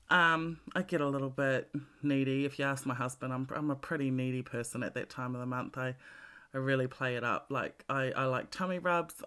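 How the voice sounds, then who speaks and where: A woman's voice: very deep voice, a bit bright. A middle-aged woman talks straight to the listener in a loose, unscripted monologue. She is blunt and swears freely, often restarting a word before she finds her way through a thought. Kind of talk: casual monologue.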